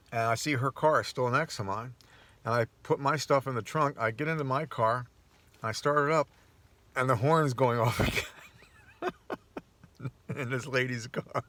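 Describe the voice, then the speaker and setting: Male vlogger, lowish voice, loose rambling monologue with restarts and chuckles. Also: a bit bright. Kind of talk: casual personal monologue.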